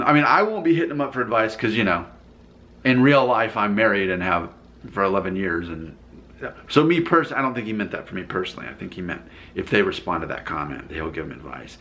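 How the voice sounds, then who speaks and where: A man's voice: on the low side, animated, brisk, bright, forceful tone. A man casually rambling as he reacts to viewer comments in his vlog, often breaking into laughter.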